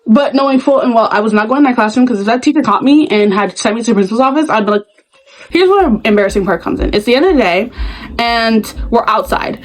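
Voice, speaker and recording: Young woman, casual vlog storyteller, slightly high voice, heavy filler talk, animated acting-out of her younger self. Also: quick pace, rough recording. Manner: animated, acts out her past self with sudden loud bursts; frequent filler "like". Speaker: vlogger.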